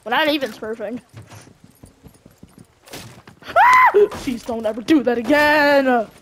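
A young woman chatting casually while playing a video game, excitable and often yelling at teammates. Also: fairly high pitch, moderate pace, very noisy. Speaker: gamer streamer.

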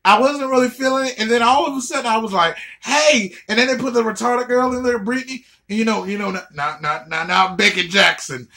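A man's voice: very high-pitched, fairly even intonation, fast, creaky, hardly any pauses, bright, forceful tone. A man doing a profane comedic rant, stammering and repeating words as he goes.

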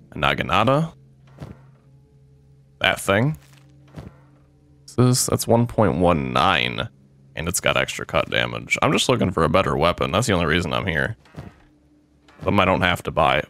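A young man narrating his gameplay in a low, gravelly voice that swings widely in pitch. He talks at an unhurried pace and reacts with profane, excitable yelps. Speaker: gamer playing a modded game. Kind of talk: let's play commentary.

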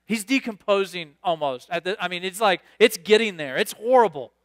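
A man preaching a sermon, reading scripture aloud and riffing on it with animated, excitable asides. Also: high voice, brisk. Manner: animated, reads scripture then riffs with sudden bursts of excitement. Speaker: pastor.

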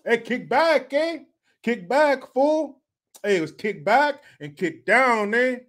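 A man putting on a brash, teasing Chicano homeboy from Central California with a Chicano English accent and drawn-out, taunting slang. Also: very high voice, animated, a bit bright, voice pushed up, heavily acted.

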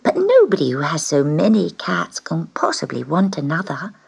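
A woman voicing a young male witch's kitten in a storybook reading, with a soft, wondering and polite manner. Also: deep voice, wildly swooping pitch, normal speed, creaky, breathy edge, heavily acted.

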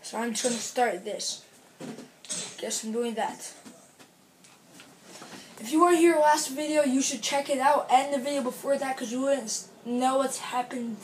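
A woman's voice: high voice, normal speed, long pauses, slight background noise. A woman chatting in a rambling, self-correcting way while commenting on a racing game she is playing. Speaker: gaming video creator. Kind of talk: casual gameplay commentary. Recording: roomy sound with game music. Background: racing game music.

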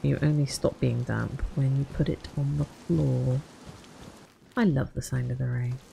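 Her voice rumbles low and dark, creaky and unhurried with fairly level intonation, over a little hiss or hum. This young gaming channel host plays a survival game, casually tossing off wry, chatty comments to herself.

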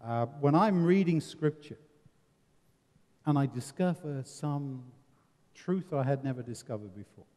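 An English man from England leads a seminar discussion in a reverberant hall, earnest and fond of rhetorical questions and wry humour. His mid-range voice is a little mellow, moving at a measured pace with long pauses.

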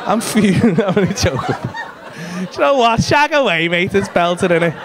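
High-voiced, sweary comic. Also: male voice, animated, normal speed. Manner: loud, sweary, laughing banter with the front row. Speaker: stand-up comedian. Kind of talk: crowd work. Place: comedy club stage. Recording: live club recording with crowd noise. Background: laughing audience.

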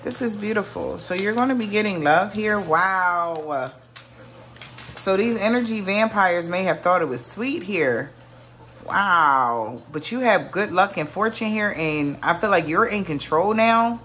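A woman's voice: medium pitch, animated, measured pace, a bit bright, slight background noise. Musing woman reading tarot cards. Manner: musing, exclaims often, trails off mid-sentence. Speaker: tarot reader. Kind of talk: casual spoken card reading to viewers.

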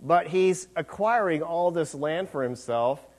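A man's voice: fairly high pitch, a little slow. A man preaching a sermon in a conversational, rambling way, with many fillers and restarts.

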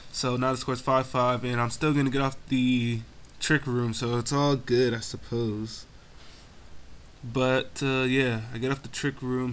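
A young man runs casual play-by-play over a game, his bright, forceful voice full of profanity. He rants at his opponent and mocks himself in loose, exasperated asides. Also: medium pitch, a little hiss or hum. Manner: exasperated, self-mocking asides. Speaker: gaming commentator.

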